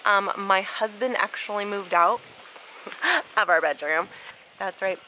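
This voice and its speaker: A woman's voice: medium pitch, slow, sharp tone, poor audio. A young woman with a cold, chatting casually to her channel outdoors on a handheld camera. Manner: chatty and conversational. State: recovering from a cold, with a cough. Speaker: vlogger. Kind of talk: casual vlog chat. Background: faint outdoor ambience with wind.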